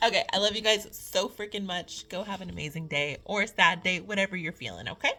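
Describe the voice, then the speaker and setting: A woman's voice: fairly low pitch, a little fast, few pauses, sharp tone. A young woman talking casually to her viewers about spirituality and letting go, chatty and full of fillers, often laughing at herself. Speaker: spiritual vlogger. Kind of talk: casual spiritual talk to camera.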